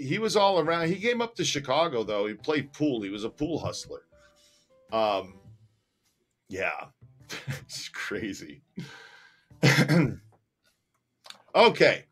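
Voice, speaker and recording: A man co-hosting a casual livestream, telling stories with animated energy, often laughing and reading out viewer comments. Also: medium pitch. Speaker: co-host. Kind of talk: casual livestream chat and storytelling.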